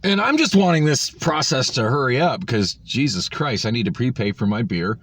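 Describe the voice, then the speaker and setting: A man telling a vlog story on his phone in an exasperated, sarcastic rant. His pitch swings widely, he swears freely, and faint background noise sits under him. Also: expressive, moderate pace, fairly bright tone. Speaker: vlogger.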